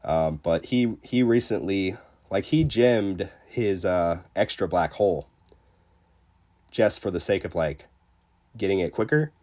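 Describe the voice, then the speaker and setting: A man with a cold, sounding congested as he chats casually on a game livestream and reads viewer comments in a relaxed, rambling way. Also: low voice, unhurried. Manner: relaxed, rambling, lots of fillers. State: sick, under the weather. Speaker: game streamer reading chat.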